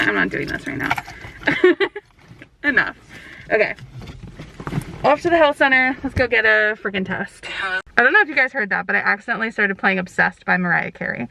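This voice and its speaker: Chatty young woman with a gravelly edge. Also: mid-range voice, noisy background. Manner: chatty, rambling, upbeat with laughs. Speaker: law student vlogger. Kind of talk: casual vlog chat. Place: out and about, car and campus.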